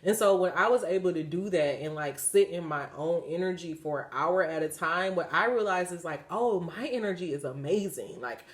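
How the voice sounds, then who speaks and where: Low-voiced woman reading oracle cards. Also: moderate pace, few pauses. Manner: chatty, leans on "like" fillers when speaking off the cuff. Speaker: oracle card reader. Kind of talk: spiritual card reading with casual asides.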